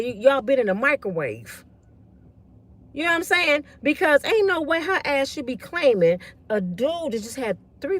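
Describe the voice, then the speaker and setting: A woman's voice: sits high, a bit bright. A woman in her fifties giving blunt, slangy, preachy commentary to her online viewers. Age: 50s. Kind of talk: casual ranting commentary.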